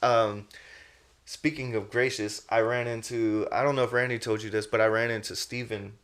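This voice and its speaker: A man's voice: fairly low pitch, little pitch movement, moderate pace, fairly bright tone. A young adult man hosting a podcast, telling stories loosely and casually, full of "you know what I mean" and "man". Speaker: podcast host. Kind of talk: casual interview chat.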